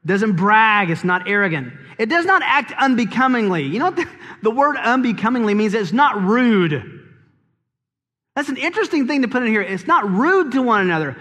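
A man preaching a sermon as pastor to his congregation, lively and conversational, with humor and rhetorical questions to the crowd. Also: sits high, normal speed. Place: church sanctuary. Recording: long reverb of a large hall.

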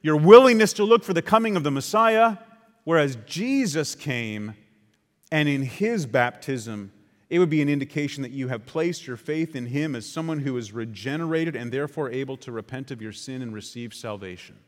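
A man's voice: mid-range voice, expressive, moderate pace. A man preaching a sermon, emphatic and conversational, checking in with his listeners as he explains. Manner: emphatic, with conversational asides to the congregation. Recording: long reverb of a large hall.

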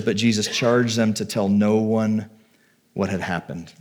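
Conversational male pastor preaching a sermon. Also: mid-range voice. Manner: conversational, reads scripture then retells it with feeling.

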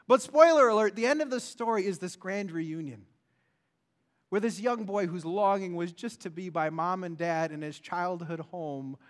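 High-voiced male pastor preaching earnestly. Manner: earnest, swings from loud to hushed. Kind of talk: sermon.

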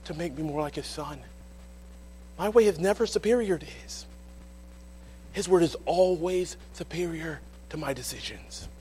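A man preaching a sermon in church, telling the story with animated, dramatic delivery. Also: mid-range voice, slight background noise.

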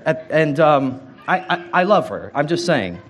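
A man's voice: a little high, big pitch swings, a little slow. A man, a pastor, preaching a sermon in a conversational way, often turning to ask his congregation questions.

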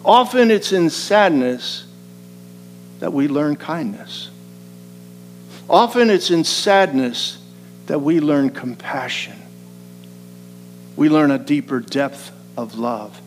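A man preaching a sermon. He moves between quiet, slow reflection and rising, emphatic passages. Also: on the high side, lively intonation, slight background noise, rough recording. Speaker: pastor.

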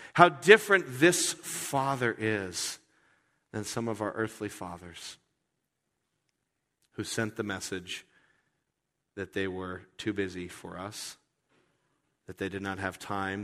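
Animated joking male preacher, hall echo. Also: mid-range voice. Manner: animated, joking, repeats words. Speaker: pastor. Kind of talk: sermon.

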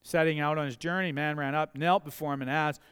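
A man preaches from the pulpit, talking in a chatty way and leaning into his key points. His voice sits high and is clear and smooth. The church livestream carries a long, ringing hall reverb. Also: steady tone, fairly quick, fairly bright tone. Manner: conversational, anecdotal preaching with rising emphasis. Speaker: pastor. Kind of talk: sermon. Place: church sanctuary.

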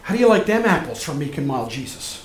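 A male pastor preaching a sermon, swinging from loud emphatic passages to soft hushed ones. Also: fairly high pitch, big pitch swings, fast, echoey room, a little hiss or hum.

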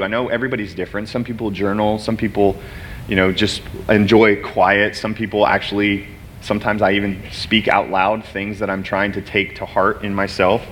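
This guest preacher's voice sits on the low side with a fairly bright tone. He speaks earnestly and personally about his own struggles, occasionally letting emotion show.

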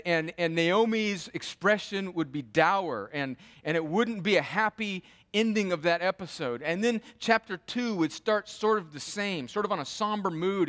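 A man's voice: sits high, fairly bright tone. A man preaching an expository Bible teaching in a conversational way, with asides and restarts. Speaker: pastor.

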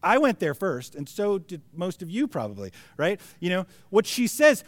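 Man in his forties, preacher, joking, conversational, halting restarts, fairly high voice, dry close sound. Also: wildly swooping pitch, no room sound. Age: 40s. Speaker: pastor. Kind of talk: sermon.

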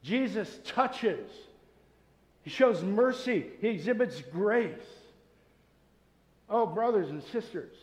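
A man preaching a sermon to his congregation, earnestly swinging between loud emphatic points and soft, quiet asides. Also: high-pitched, big pitch swings, slow pace, pauses often, highs cut off. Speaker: pastor. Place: church sanctuary with masked congregation. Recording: echoey church hall.

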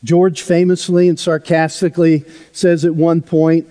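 A male pastor preaching a sermon in a church, telling a story in a conversational way that drops softly at times. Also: fairly high pitch, completely flat delivery, normal speed, few pauses. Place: church sanctuary. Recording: long hall reverb.

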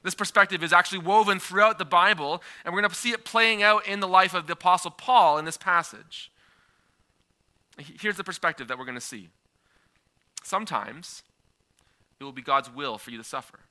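A man in his thirties preaching a sermon, telling a personal story in a conversational, animated way. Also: high voice, fairly quick. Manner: conversational, animated, with frequent filler and restarts.

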